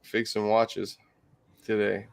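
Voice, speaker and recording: A man's voice: on the low side, monotone, takes it slowly, creaky. A man with a Southern US accent hosting a casual live stream from his workshop, telling stories with lots of cursing and laughter. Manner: profane, laughing storyteller. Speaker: shop host.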